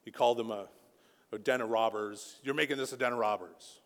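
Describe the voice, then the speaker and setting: A man preaching a sermon as a pastor, impassioned, rising to near-shouting peaks. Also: mid-range voice, a little fast. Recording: long hall reverb.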